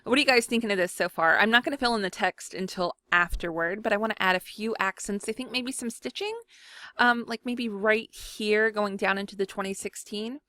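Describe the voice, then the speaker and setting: A woman's voice: medium pitch, fairly quick, bright, forceful tone, no echo, clean studio sound. A young woman from Mississippi, chatting casually and rambling to viewers while she scrapbooks. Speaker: scrapbooking vlogger. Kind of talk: casual chat while crafting.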